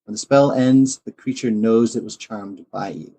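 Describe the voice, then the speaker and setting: Low-voiced player reading rules. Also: male voice, normal speed, dark tone. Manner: reads spell text aloud plainly. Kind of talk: reading rules, casual play.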